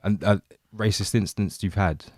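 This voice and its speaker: A man co-hosting a podcast, speaking in a measured, thoughtful way. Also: fairly low pitch, darkish tone, dry recording, clean studio sound. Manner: measured, thoughtful, reads aloud. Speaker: podcast co-host. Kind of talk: casual chat.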